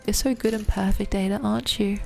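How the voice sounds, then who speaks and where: A woman's voice: mid-range voice, steady tone, fairly quick, gravelly, faint music behind, natural voice. Woman reading as a strained, wry young man. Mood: strained teasing. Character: intense, teasing young man on a call.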